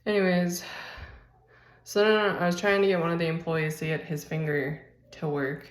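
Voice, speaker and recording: A woman's voice: fairly low pitch, level tone, normal speed, roomy sound. A woman vlogging casually on a handheld phone while walking through her house, rambling and chatty. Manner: rambling, chatty, filler-heavy. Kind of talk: casual chat. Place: basement and rooms of a house, indoors.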